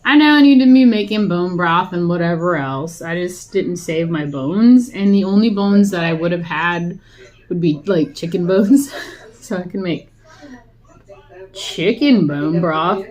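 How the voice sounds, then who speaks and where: A young adult woman vlogging casually while eating, rambling and chatty, often laughing. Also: mid-range voice.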